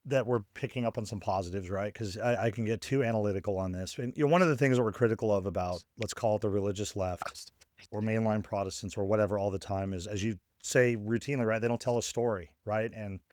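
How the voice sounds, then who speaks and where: A man's voice: on the low side, fast, darkish tone, dry recording. Analytical man, dry close sound. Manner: thinks aloud, frequent "right?" tag questions and restarts. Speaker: podcast co-host; scholar of religion. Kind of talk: analytical casual discussion.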